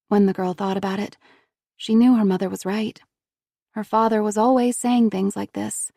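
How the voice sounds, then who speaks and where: A woman reading a thriller audiobook in a steady, measured voice on a close studio mic. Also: mid-range voice, gravelly, no echo. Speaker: audiobook narrator. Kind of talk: scripted narration.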